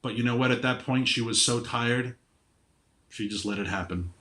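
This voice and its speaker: A man, a podcast guest, arguing passionately in conversation, emphatic and animated, often restarting words. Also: medium pitch, normal speed. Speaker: podcast guest, energy advocate. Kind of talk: impassioned conversational argument.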